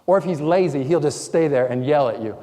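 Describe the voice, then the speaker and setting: A man's voice: on the high side, animated, fairly quick, warm tone. A man preaching a sermon as pastor, in a conversational way, acting out quotes. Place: church sanctuary. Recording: long church hall reverb.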